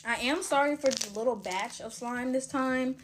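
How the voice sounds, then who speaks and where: A woman's voice: high-pitched, normal speed, background noise. A woman in her twenties chatting casually while making slime, drawling and filling her talk with "like" and "y'all". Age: 20s.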